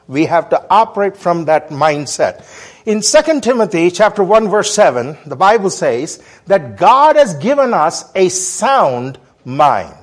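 High, lively man preaching a sermon. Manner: emphatic call-and-response preaching. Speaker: guest preacher.

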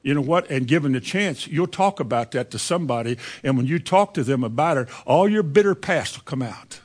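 In an animated, medium-pitched voice that runs a little fast, a man gives a plainspoken sermon. He frequently acts out what bitter people say, putting their words in quotes.

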